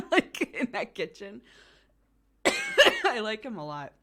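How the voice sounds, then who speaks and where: A young woman streamer in casual chat, relaxed and giggly, rambling with lots of fillers. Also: medium pitch, slow pace.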